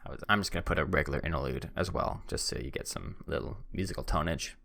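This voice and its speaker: A young podcast host speaks quickly in a rumbling low, gravelly voice with a bit of brightness. He spins a casual, self-deprecating tale, acts out both sides of the back-and-forth, and stumbles and restarts.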